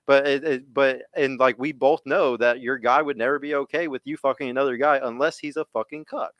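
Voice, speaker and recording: A man's voice: medium pitch, steady tone, a little fast, no echo, lo-fi sound. A man co-hosting a podcast, blunt and profane as he addresses the women. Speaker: podcast co-host. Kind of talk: casual debate chat.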